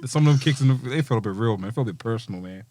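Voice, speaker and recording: Man, quick, lively pitch, casual podcast banter. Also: background noise. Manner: laughing, excitable, trails off mid-thought. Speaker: podcast co-host. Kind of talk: casual chat.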